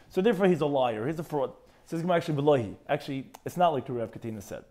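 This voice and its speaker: Animated rabbi giving a Talmud class. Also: male voice, rapid-fire. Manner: reads Aramaic phrases then translates, animated with sudden pitch jumps; frequent restarts and repeated words. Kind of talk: Talmud lecture.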